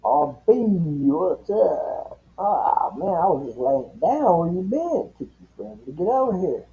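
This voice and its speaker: A man with a high, lively voice hosts a casual late-night chat. He rambles, swears freely and voices strong opinions. His tone is mellow and dark. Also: unhurried. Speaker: livestream host. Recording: dull lo-fi stream audio.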